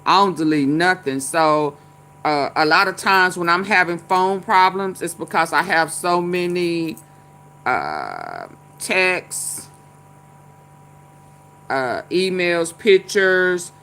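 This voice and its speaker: A woman hosting, talking casually with many fillers and pauses. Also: lowish voice, sing-song, a bit bright, a little hiss or hum. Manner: halting, many fillers, laughs. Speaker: host reacting to a clip. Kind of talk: casual commentary.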